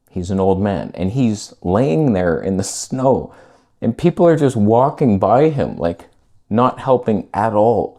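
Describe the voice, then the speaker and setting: A man vlogging, casually retelling a story in laid-back slang with some swearing. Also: mid-range voice. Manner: animated retelling that acts out quoted voices.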